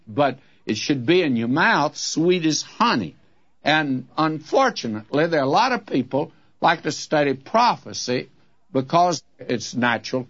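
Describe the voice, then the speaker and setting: A man's voice: mid-range voice, fairly bright tone, highs cut off. A man teaching the Bible in a sermon, talking earnestly and folksy straight to his listeners.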